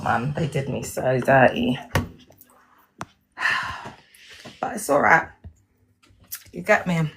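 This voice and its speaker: A woman's voice: on the low side, a little hiss or hum. A woman chatting frankly on a phone live stream at home. She rambles and keeps checking in with "do you know what I mean", calling her viewers "baby" and "my love". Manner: chatty, frank, many tag questions and terms of endearment. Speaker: livestream host.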